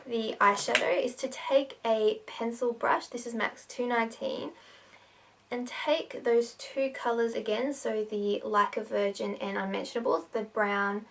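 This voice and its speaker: A woman's voice: on the high side, steady tone, unhurried, creaky, fairly bright tone, distant mic, a little hiss or hum. A woman giving a casual makeup tutorial, talking in a chatty way with lots of fillers.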